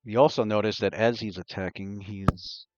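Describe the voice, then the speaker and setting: Low-voiced man running a tabletop game. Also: steady tone, moderate pace, muffled recording. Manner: hesitant, searching for words. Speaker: game master.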